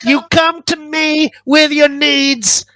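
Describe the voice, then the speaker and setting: A man voicing a greedy, profit-obsessed male gnome shopkeeper who talks in a shrill, crude, whining way. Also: fairly even intonation, slow, pushed and bright, dry recording, full character voice.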